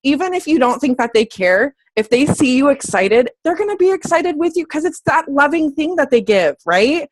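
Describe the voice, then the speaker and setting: A woman's voice: high voice, normal speed, few pauses, no room sound. A woman fitness coach giving her team a casual motivational talk, bubbly and chatty, often correcting herself mid-sentence. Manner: excitable, squeals when happy.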